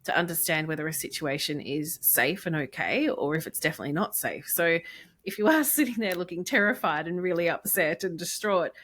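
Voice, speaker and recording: A woman with a somewhat low voice chats on a podcast about baby sleep. She speaks emphatically and informally, encouraging the listener. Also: animated, brisk, a bit bright. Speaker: infant sleep consultant co-host. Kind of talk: casual podcast chat.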